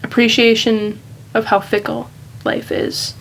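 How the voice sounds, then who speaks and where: A woman's voice: a little high, level tone, measured pace, vocal fry, a little hiss or hum, rough recording. A woman vlogger talking casually and candidly in a rambling, reflective monologue.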